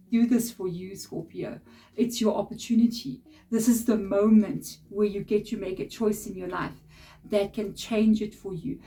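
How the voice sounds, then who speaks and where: A woman giving a casual, chatty tarot reading straight to her viewers, blunt and direct with frequent laughs. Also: mid-range voice. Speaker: tarot reader. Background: soft background music.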